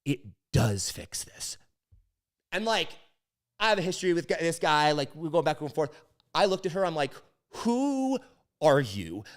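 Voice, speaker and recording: A man in his thirties telling a story in a casual monologue, animated and emphatic, with many fillers and restarts. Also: a little high, moderate pace.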